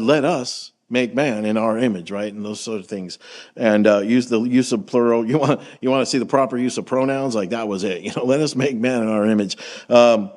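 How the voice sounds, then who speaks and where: A man's voice: mid-range voice, darkish tone. Conversational male pastor preaching. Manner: conversational, quotes scripture, asks the congregation questions. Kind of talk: sermon.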